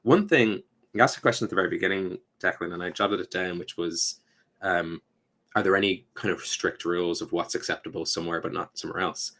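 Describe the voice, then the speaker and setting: Man, very low voice, casual podcast chat, animated, laughs mid-sentence, mock quoted voices. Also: a little fast. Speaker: podcast co-host.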